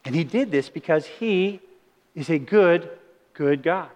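A man's voice: on the high side, unhurried, darkish tone, highs cut off. A man preaching a sermon, emphatic, often asking his listeners rhetorical questions. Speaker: pastor. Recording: long reverb of a large hall.

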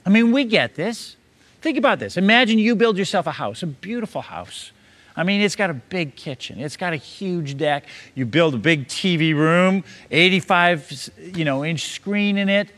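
A man's voice: high-pitched, animated, moderate pace, fairly bright tone. A man preaching, building a long parable scene by scene and urging the listener to imagine it. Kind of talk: sermon told as a long parable.

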